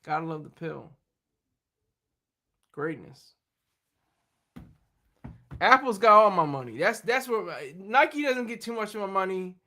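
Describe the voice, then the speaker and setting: A man with a high, bright voice rambles through a casual live stream from home. He laughs often and trips over his words, restarting sentences as he goes, with a light, tense edge to his tone. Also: lively intonation, a little slow, pauses often. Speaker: livestream host.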